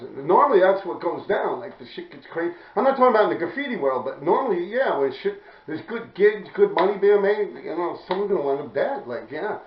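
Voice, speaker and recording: Middle-aged new york guy telling a story, cussing, laughing, doing everyone's lines, kinda high gravelly voice in an echoey room. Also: fast talker, distant mic, muffled recording. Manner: profane, animated, acts out others' lines, laughs often. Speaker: storyteller recounting his graffiti days. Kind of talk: casual storytelling.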